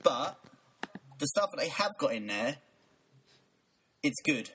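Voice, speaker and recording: A man's voice: fairly high pitch, big pitch swings, slow, bright, forceful tone, a little hiss or hum, low-quality recording. A young man co-hosting a casual podcast chat, chatty and playful, laughing often. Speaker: podcast co-host. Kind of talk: casual podcast chat about video games.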